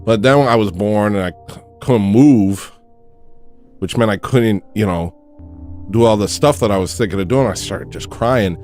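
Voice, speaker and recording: A man hosting a comedic livestream, chatting in a rambling deadpan way and thanking viewers for tips. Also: fairly low pitch, moderate pace, faint music behind. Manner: deadpan, drifts into loud baby-cry impressions. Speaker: livestream host.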